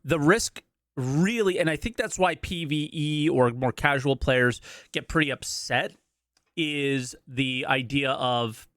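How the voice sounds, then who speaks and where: A man's voice: on the high side, a bit bright, dry recording, studio quality. A man giving casual reaction commentary as a streamer, blunt and skeptical, pushing back on what he hears.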